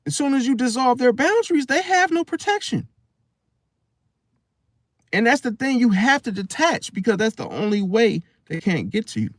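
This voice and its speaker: Slangy, animated man with a dry close sound. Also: very high voice, normal speed, no room sound. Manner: animated, slangy, acts out inner voices. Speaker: astrology channel host. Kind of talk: casual spoken monologue.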